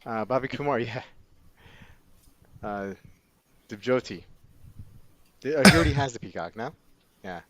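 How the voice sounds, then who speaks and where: A man's voice: medium pitch, expressive, unhurried, long pauses, heavy background noise. A man hosting a casual chat with friends, joking and laughing often. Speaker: host.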